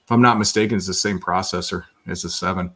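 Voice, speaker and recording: A man's voice: low-pitched, steady tone, fast talker, fairly bright tone. A man speaking as a guest in a casual chat, hesitant with many ums and repeated words.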